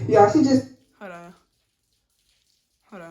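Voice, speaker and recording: A woman's voice: mid-range voice, lively intonation, extremely slow, long pauses, dark tone, reverberant, dull audio. A woman telling a storytime on her vlog, bluntly and profanely retelling a text-message argument in a heated voice.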